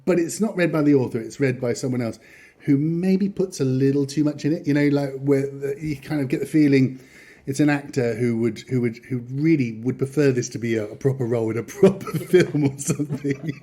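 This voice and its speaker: A man's voice: mid-range voice, fairly quick, warm tone. A man hosting a podcast in casual chat, rambling and chatty, often chuckling as he talks. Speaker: podcast host.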